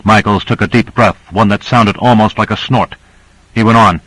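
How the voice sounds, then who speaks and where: Guy narrating a novel, even steady reading, no room sound. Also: lowish voice, moderate pace, slightly rough, no room sound, poor audio. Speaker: audiobook narrator. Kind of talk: scripted narration.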